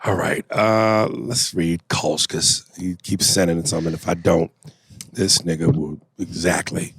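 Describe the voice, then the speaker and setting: A man's voice: low-pitched, fairly even intonation, a little slow, creaky, fairly bright tone, slightly rough, no room sound. A man co-hosting a podcast, reading listener emails aloud in a casual, profane, joking way. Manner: profane, joking, breaks into laughter. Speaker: podcast co-host.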